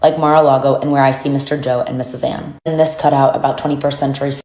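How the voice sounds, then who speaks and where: A woman narrating as she reads journal passages aloud in a solemn, even way. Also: extremely low pitch, fast, roomy sound. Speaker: narrator reading documents.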